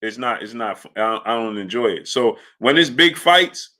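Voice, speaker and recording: A man hosting a casual sports live stream, telling loose stories and shouting out viewers in the chat by name. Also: medium pitch, expressive, moderate pace. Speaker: livestream sports show host.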